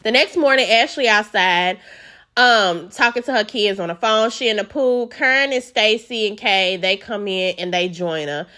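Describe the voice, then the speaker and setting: Sassy, bright-voiced woman vlogger. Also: mid-range voice, normal speed. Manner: sassy, outspoken and profane. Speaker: reality TV recap vlogger. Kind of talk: casual recap commentary.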